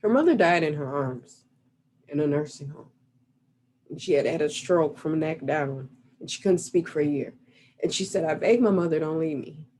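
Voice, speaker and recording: A woman's voice: low voice, animated, moderate pace, darkish tone, slight background noise. A middle-aged woman coach giving a reflective, motivational talk over a video call. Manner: earnest, reflective, guiding listeners through an exercise. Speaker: relationship coach.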